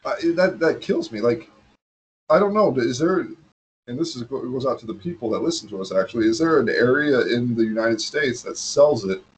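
A man's voice: medium pitch, lively intonation, breathy edge. A man co-hosting a podcast in casual chat, loose and joking, swearing freely. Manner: loose, swearing, quick to laugh. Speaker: podcast co-host.

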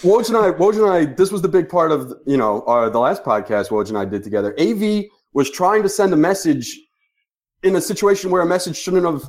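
A man's voice: on the high side, animated, fairly quick. A blunt, swearing male co-host. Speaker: podcast co-host. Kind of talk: casual podcast chat.

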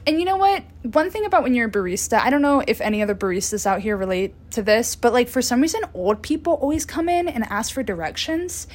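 A woman's voice: fairly high pitch, big pitch swings, fast talker, hardly any pauses. A woman in her twenties hosting a podcast, rambling through casual stories with laughs and casual swearing, recorded on a phone. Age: 20s. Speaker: podcast host. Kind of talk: casual solo chat.

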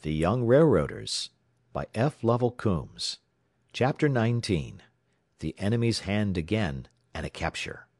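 Deep-voiced expressive male narrator. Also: unhurried, slightly rough, no room sound, clean studio sound. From United States. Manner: expressive, dramatic storytelling. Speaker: audiobook narrator. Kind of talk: scripted narration.

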